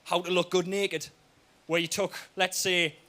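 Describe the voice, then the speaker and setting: A young man with a Geordie accent performing stand-up comedy, telling a story with lively "right?" asides. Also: high-pitched, a little slow. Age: young adult.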